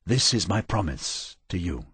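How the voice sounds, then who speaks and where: Man playing a deep, resonant male robot, calm and soothing, husky tone. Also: a little slow, no room sound, full character voice. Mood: reassuring. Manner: calm, reassuring.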